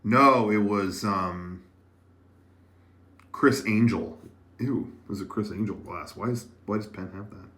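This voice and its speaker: A man with a fairly low, fairly bright voice talks at a measured pace and pauses often. He's hosting a casual livestream from an editing room, rambling and chatting to his live chat with many fillers and restarts.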